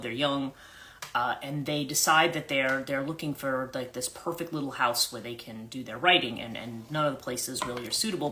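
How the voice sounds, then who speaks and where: Bright-voiced woman telling a story on a livestream. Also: deep voice. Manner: rambling, with frequent restarts and self-corrections. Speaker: life coach.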